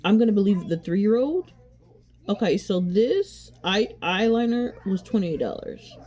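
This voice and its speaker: A woman's voice: mid-range voice, expressive, measured pace, a little mellow. A woman chatting casually while doing her makeup, rambling and candid, often restarting and repeating herself, with frequent swearing. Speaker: beauty vlogger.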